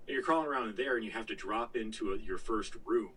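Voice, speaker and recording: A man's voice: fairly low pitch, fast talker, fairly bright tone, slightly rough, distant mic, poor audio. A man co-hosting a podcast, telling a long gaming story in casual chat, full of fillers, restarts and the odd swear word. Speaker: podcast co-host.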